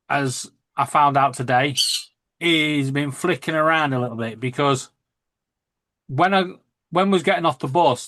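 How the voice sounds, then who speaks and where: A man's voice: mid-range voice, fairly bright tone, no echo. A man with a Lancashire accent, chatting casually and telling jokey, sweary stories. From Lancashire, England. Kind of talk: casual chat.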